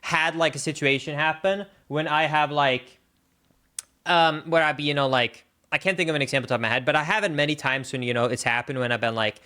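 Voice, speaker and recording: A man's voice: a little high, fast talker, pushed and bright, clear, resonant tone. A young man, a streamer telling a story in casual chat, rambling with lots of fillers. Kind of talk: casual chat while gaming.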